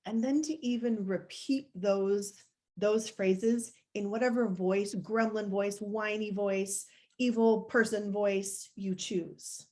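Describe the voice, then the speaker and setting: A woman's voice: medium pitch, fairly even intonation, slow, dark tone. A woman life coach giving a conversational, encouraging live-streamed coaching talk, walking viewers through steps and showing gestures as she goes.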